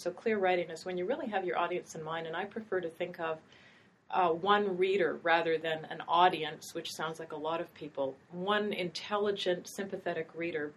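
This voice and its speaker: A middle-aged woman who teaches writing, hosting a casual academic conversation in a thoughtful, meandering way with small hesitations. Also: fairly low pitch. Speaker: writing instructor and host.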